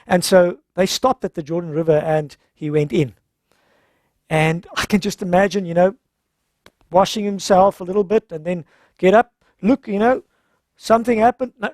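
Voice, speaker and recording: Presenter, mid-pitched, retells Bible stories casually, dry close sound. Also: darkish tone, no room sound. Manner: retells scripture informally, acting out the characters' lines. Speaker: health seminar presenter. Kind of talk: conversational Bible-story sermon.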